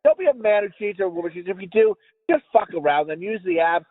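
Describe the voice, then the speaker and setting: A middle-aged American man hosts a podcast, rambling, laughing and swearing heavily through a casual chat with friends. His voice is high-pitched and animated, and he talks fast. The recording comes over a tinny phone line and is dry, with no echo.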